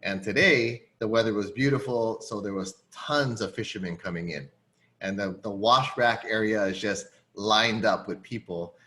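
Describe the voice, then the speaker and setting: A man's voice: fairly low pitch, normal speed. A middle-aged man from Hawaii, hosting a casual chat and telling a story with lots of fillers and acted-out quotes. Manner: animated storyteller, many fillers, acts out quotes. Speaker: host.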